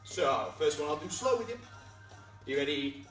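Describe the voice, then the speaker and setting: A man's voice: on the high side, expressive, normal speed, fairly bright tone. A man teaching a kids' martial arts class to camera, upbeat and encouraging, explaining each step while demonstrating the moves. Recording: echoey room, from far off, faint music.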